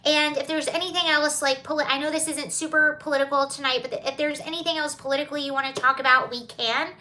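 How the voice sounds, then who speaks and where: A woman's voice: high voice, steady tone, fast, pushed and bright. A young woman from Georgia with a Southern accent, hosting a casual livestream, chatting and reading viewer comments in a digressive, laughing way. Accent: Southern American. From Georgia, USA. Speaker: livestream host.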